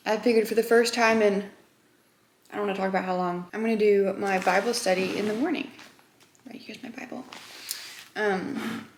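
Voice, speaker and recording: A young woman, a high school teacher, chatting casually to her phone camera in a vlog, upbeat and full of "like" and "um". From Texas. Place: her car and classroom.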